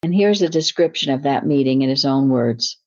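A woman's voice: extremely low pitch, animated, moderate pace, a little mellow. A woman giving an earnest, informal Bible teaching, often restarting her words. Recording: slightly dull lo-fi recording.

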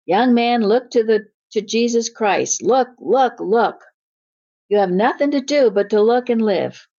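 A woman's voice: fairly high pitch, expressive, measured pace, mellow, highs cut off, pitched above the performer's own voice. A woman voicing a fervent old-time male lay preacher, urgently exhorting his listeners.

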